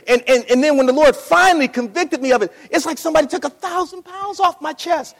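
A man with a very high voice preaches a sermon as a pastor, talking quickly with hardly any pauses. He is impassioned, repeats his phrases, and acts out the voices in his story. The long reverb of a large hall fills the recording.

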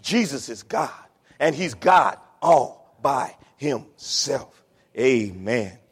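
A man preaching a sermon as pastor, swinging between hushed, near-tearful passages and loud shouted climaxes. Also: medium pitch, lively intonation, takes it slowly, husky. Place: church sanctuary. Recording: long hall reverb.

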